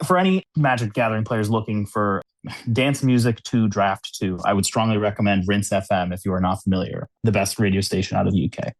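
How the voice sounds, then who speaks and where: A man with a fairly low pitch talks a little fast, recorded without echo. He's a cube designer from the United States guesting on a New York City podcast, keeping the interview casual with frequent laughter and many "like" and "you know" fillers.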